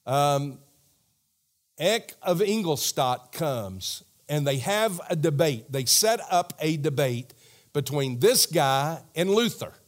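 Brief: male preacher, animated storyteller, unhurried. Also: on the high side. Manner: animated storytelling, talks to the crowd directly. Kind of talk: sermon.

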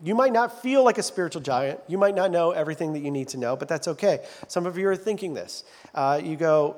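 Joking pastor preaching in a reverberant hall. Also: male voice, fairly high pitch, lively intonation, quick pace, few pauses, darkish tone. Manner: conversational, joking, self-deprecating. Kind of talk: sermon. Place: large church sanctuary.

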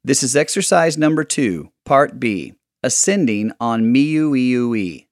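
Male vocal coach, measured instructional read, mid pitch, dry booth sound. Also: no echo. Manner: calm, clear step-by-step directions. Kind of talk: instructional narration.

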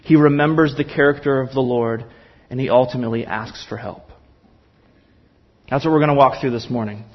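Man, pastor, sermon, earnest impassioned preaching, emphatic repetition, middle pitch, slightly muffled recording. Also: brisk, pauses often.

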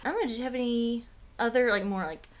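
A woman's voice: fairly high pitch, quick pace. A woman in her thirties co-hosting a podcast, playful and jokey in casual chat. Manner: playful, jokey, laughs often. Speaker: podcast co-host.

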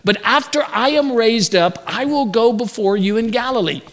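A man preaching a sermon as pastor, animated, acting out the words of people in the story. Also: extremely high pitch, normal speed.

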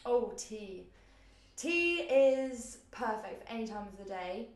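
A young British woman chatting casually in an understated, low-key way. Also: very animated, takes it slowly, echoey room. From Britain. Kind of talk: casual chat.

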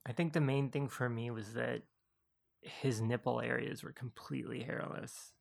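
Gravelly man making dry remarks. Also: mid-range voice, fairly even intonation, normal speed. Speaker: podcast co-host. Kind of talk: casual film recap chat.

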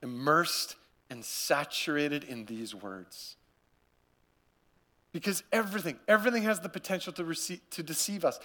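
A man preaching a sermon, earnest and repetitive, swinging between loud urging and quiet gravity. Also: sits high. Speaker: pastor.

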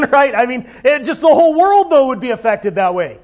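Man, high voice, sermon, conversational, asks questions. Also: sing-song, brisk, few pauses, a little mellow. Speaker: pastor.

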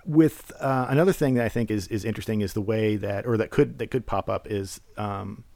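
A man's voice: lowish voice, fairly quick, gravelly, warm tone, no echo. A man hosting a podcast, talking through a film in casual solo commentary, rambling with many fillers and restarts. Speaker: podcast host.

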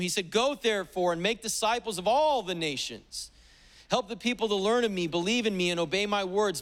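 A man's voice: high voice, fairly bright tone. A man pastor delivering a sermon at a church service, emphatic and declarative, with repeated exhortations. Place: church sanctuary during a service.

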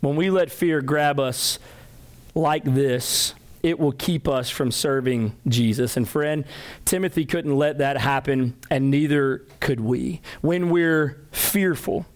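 A male pastor preaching a midweek sermon, telling stories with lively acted-out quotes. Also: medium pitch, slow. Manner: animated storytelling with acted-out quotes.

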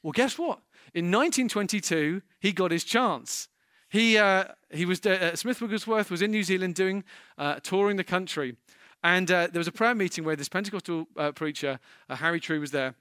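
A male pastor delivers an impassioned sermon. His voice sits high and rings bright, climbing to emphatic peaks. The sound is dry and close, with no room around it. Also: normal speed, smooth, no room sound.

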